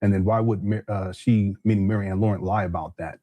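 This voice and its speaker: A man's voice: on the low side, fairly even intonation, fast talker, warm tone, no echo. A male show host explaining step by step to his viewers, careful and hesitant, with many fillers.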